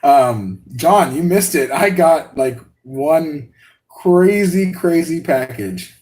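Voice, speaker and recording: A man with a somewhat high voice chats on a live unboxing stream. He rambles with excitement, trips over his words and laughs often. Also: slow. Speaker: RC hobby channel host.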